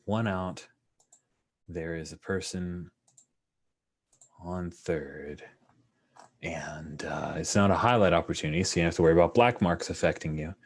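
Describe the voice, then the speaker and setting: Brief: lower-voiced male game master, easygoing and talkative, calling a tabletop ballgame over a call. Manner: relaxed, chatty, full of fillers, commentator flourishes. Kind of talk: narrating a tabletop baseball game. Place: online call with screen sharing.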